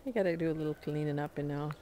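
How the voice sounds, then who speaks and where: In a low-pitched, mellow voice, a woman gives a casual walk-through of her small farm outdoors, surrounded by barns and animals. She rambles with many fillers and small laughs, captured on a handheld camera mic with slight background noise.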